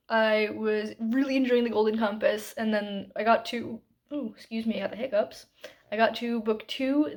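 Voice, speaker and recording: A woman talking casually to camera as a book vlogger, upbeat and chatty with plenty of "like" and "um". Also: fairly high pitch.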